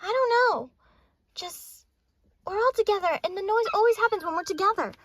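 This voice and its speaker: A woman voicing anime schoolgirls at a sleepover in a plush toy video, with excitable, quick back-and-forth chatter. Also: very high voice. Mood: lively.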